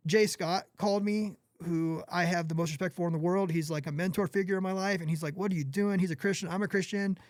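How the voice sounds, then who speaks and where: A man's voice: high-pitched, fairly even intonation, fast, few pauses, no room sound, clean studio sound. A man in his forties, a podcast guest who runs a gear company, talking candidly in an earnest, apologetic way with many restarts.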